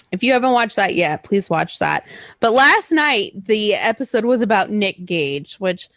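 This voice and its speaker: Lively chatty woman, rambling. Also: medium pitch, no echo, studio quality. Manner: chatty, rambling, laughs often. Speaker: podcast co-host. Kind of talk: casual chat.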